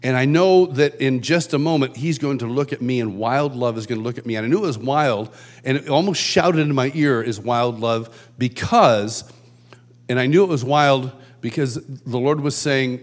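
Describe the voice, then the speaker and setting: Man preaching a lively personal testimony. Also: mid-range voice, moderate pace. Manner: animated storytelling, acting out his own thoughts in hushed asides. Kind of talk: sermon storytelling. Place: church hall, live before a congregation.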